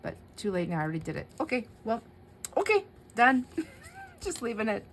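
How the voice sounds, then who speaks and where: A woman's voice: on the high side, wildly swooping pitch, moderate pace, slight background noise. A middle-aged woman hosting a crafting video, chatting casually to her viewers, laughing often and talking to herself as she works. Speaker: craft channel host.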